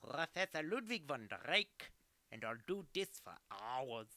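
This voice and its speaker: Man doing a pompous old cartoon duck professor, fake German accent, boastful rambling, bouncy pitch, very bright tone. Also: big pitch swings, unhurried, dry recording, full character voice.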